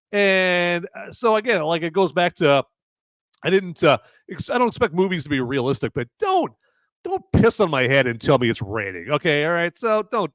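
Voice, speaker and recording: Guy hosting a live movie podcast, swearing a lot and ranting, kinda high voice, dry sound. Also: a bit bright, no echo. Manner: profane, ranting, repeats words. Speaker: podcast host.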